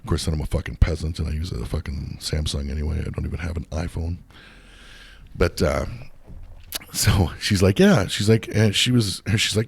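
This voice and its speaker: A man's voice: deep voice, expressive, fairly quick, creaky, slightly rough. A man hosting a podcast, telling a long story in a heated, profane rant that rambles and restarts often. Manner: profane, heated, swears constantly. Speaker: podcast host.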